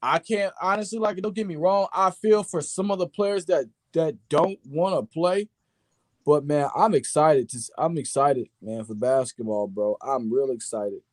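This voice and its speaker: A man's voice: on the high side, normal speed, no echo. A man co-hosting a casual sports chat, chiming in and laughing along.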